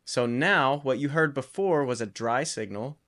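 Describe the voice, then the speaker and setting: Man, mid-range voice, casual tutorial, relaxed, explaining step by step, loose restarts. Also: mid-range voice, unhurried. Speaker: guitar recording tutor. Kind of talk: casual screen-recorded tutorial.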